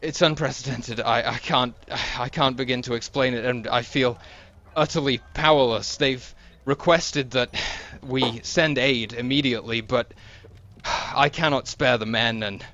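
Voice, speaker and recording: A man's voice: mid-range voice, rapid-fire, hardly any pauses, voice pushed up, lightly acted. A man voicing a terrified young male dwarf guard who is out of breath, stammering as he pleads for help. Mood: panicked. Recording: dull lo-fi recording.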